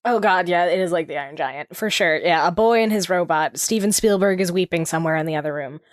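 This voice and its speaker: A woman's voice: on the low side, quick pace, no room sound. Chatty young woman with a dry voice. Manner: chatty, giggly, lots of fillers. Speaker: podcast co-host. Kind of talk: casual book discussion.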